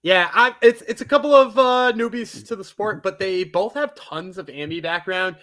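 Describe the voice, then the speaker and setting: Bright rambling male co-host. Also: high voice, normal speed. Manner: rambling, hesitant, many fillers. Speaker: podcast co-host. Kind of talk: casual podcast chat.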